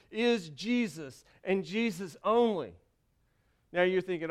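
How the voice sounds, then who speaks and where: Male pastor, young adult, high smooth voice, lively sermon delivery with playful asides. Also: normal speed. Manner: animated preaching with asides and jokes.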